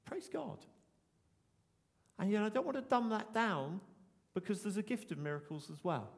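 A man delivers a sermon, reading scripture aloud and acting out the people in the story. His high voice rises and falls a great deal and has a gravelly edge. The sound rings with the long reverb of a large hall. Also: normal speed. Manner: animated, acts out voices in quotes. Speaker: preacher.

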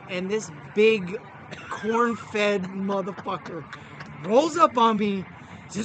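A middle-aged man and former Marine telling a story in a casual podcast chat, animated and profane, acting out the voices of the people in it. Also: high voice, unhurried, a little hiss or hum.

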